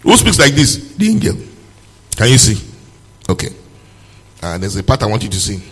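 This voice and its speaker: A man's voice: lowish voice, sing-song, normal speed, husky, in a large hall. A male pastor preaching a sermon, reading scripture aloud and firing rhetorical questions at his congregation.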